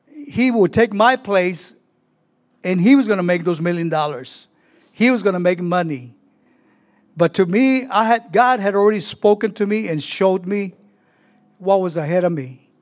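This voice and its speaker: Pastor, middle-aged man, high-pitched and unhurried, emotional, halting sermon delivery. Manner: slow, emotional preaching with halting restarts. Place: church sanctuary.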